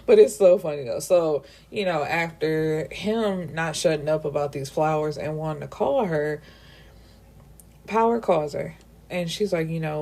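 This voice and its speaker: A woman with a lowish, warm voice recaps a novel for her viewers. She talks casually and animatedly, swears freely, and slips into the characters' voices. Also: a little slow. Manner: animated, profane, acts out character dialogue. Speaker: book reviewer.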